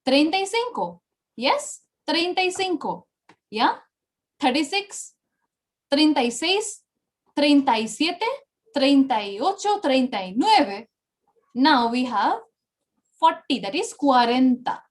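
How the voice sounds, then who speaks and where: A woman's voice: high voice, big pitch swings, takes it slowly, pauses often. A woman with an Indian English accent teaching an online Spanish class, repeating numbers and praising students often.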